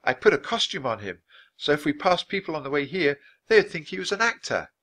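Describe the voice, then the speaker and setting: A man voicing a brave, eager young girl who talks quickly. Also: fairly high pitch, very animated, fairly bright tone, pitched above the performer's own voice.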